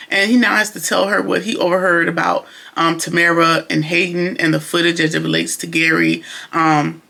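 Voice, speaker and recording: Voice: medium pitch, gravelly, sharp tone. A TV reviewer recapping an episode in casual, sassy commentary, full of exasperated slangy asides.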